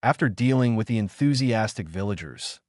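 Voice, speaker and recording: A male audiobook narrator reading the story in a steady, scripted way. His voice is on the low side but lively in its pitch, and the sound is dry and close with no room around it. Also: normal speed, no echo.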